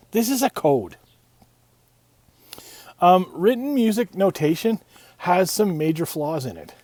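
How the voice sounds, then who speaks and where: A man's voice: a little high, a little mellow, dry recording. Chatty man teaching, dry close sound. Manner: chatty, digressive, asks himself rhetorical questions. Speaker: music teacher. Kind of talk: casual video lesson.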